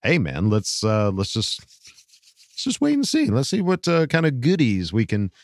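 A man's voice: mid-range voice, huge pitch swings, unhurried, no room sound, clean studio sound. A man co-hosting a sports podcast in loose casual chat, full of likes and you-knows. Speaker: podcast co-host.

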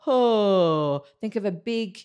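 In a talkative lesson, a woman teaching singing lays out technique and breaks into brief demonstrations, both sung and spoken. Her pitch is medium and slightly mellow, with the highs cut off.

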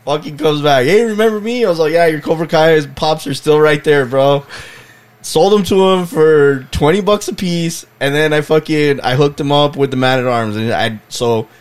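A man's voice: fairly high pitch, normal speed. A man co-hosting a casual podcast chat, telling stories animatedly and acting out customers, with lots of swearing. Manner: animated storyteller, acts out customers, swears freely. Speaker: podcast co-host, collectibles seller.

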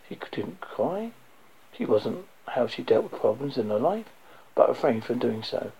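A man reading a dark first-person story aloud, low and intense, sometimes dropping to a whisper. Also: vocal fry, slightly rough. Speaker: audiobook narrator. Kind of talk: first-person audiobook narration. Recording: dull lo-fi recording.

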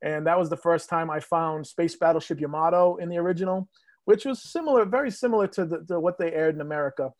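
A man's voice: on the high side, quick pace, darkish tone, no echo. A man in his fifties from New England, reminiscing in rambling casual chat with many fillers, as a guest on a podcast. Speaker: guest, host's father or uncle.

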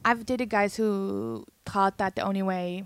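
A woman's voice: medium pitch, steady tone, measured pace, no room sound. A young Irish woman, a comedian guest, telling stories in casual podcast chat, acting out quotes and swearing freely. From Ireland. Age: young adult.

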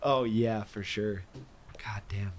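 A man hosting a casual podcast interview, reacting with quick remarks and mild swearing. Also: fairly low pitch, steady tone. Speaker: podcast host.

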